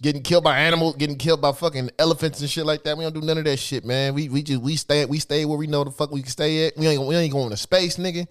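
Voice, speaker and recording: A man co-hosting a casual podcast, loud, animated and profane. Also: on the high side, quick pace, hardly any pauses, clear, resonant tone. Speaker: podcast co-host.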